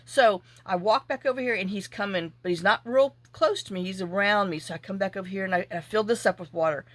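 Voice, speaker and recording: A woman telling a rambling, animated story in a casual vlog while she works on a craft project. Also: mid-range voice, quick pace, no echo. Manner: animated, chatty, acts out her own reactions. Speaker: junk journal crafter.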